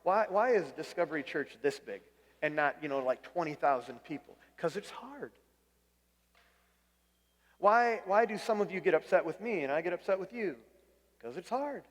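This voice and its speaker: Conversational pastor preaching in reverberant hall. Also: male voice, on the high side, expressive, brisk. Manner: conversational, repeats words when restarting, asks the room questions. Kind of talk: sermon.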